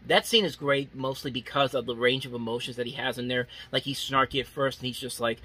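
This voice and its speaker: A young man talks through a movie review with loose, unscripted enthusiasm. His voice is bright and forward with a husky grain. He keeps restarting sentences and leaning on filler words. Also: mid-range voice, steady tone, fast, few pauses. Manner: rambling, many restarts and "like" fillers.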